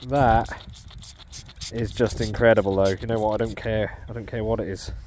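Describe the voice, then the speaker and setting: A man's voice: fairly low pitch, flat delivery, normal speed, darkish tone. Breathless English man thrilled in a field. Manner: breathless, exclaiming, laughing in disbelief. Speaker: metal detecting vlogger. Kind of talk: excited field vlog commentary. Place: outdoors in a farm field. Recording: faint outdoor background noise.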